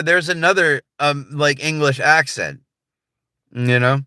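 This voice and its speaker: A man's voice: a little high, unhurried, bright, forceful tone, smooth, no echo. A man with a General American accent, chatting casually on a livestream in a laid-back, rambling way full of filler words. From United States.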